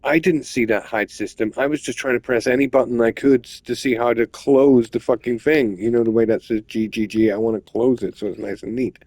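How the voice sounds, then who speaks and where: A man's voice: medium pitch, steady tone, a little fast, few pauses, a little mellow, dry recording. Swearing, ranting gamer man. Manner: swears a lot, ranting, repeats himself. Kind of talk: frustrated gameplay commentary.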